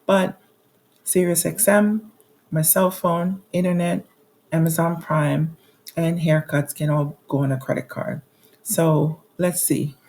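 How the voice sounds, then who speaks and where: A budgeting vlogger in her forties, with a slightly mellow voice on the low side, casually walks through her monthly bills. She reads out the amounts with frequent restarts and fillers, speaking candidly and laughing at her own troubles.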